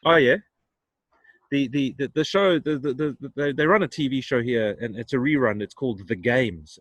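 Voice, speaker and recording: A man co-hosts a casual podcast, eagerly retelling a comedy scene and tripping over repeated restarts. His pitch sits in the middle range. The sound is dry, with no room echo. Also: moderate pace. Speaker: podcast co-host. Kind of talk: casual chat. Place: roadside, in Australia.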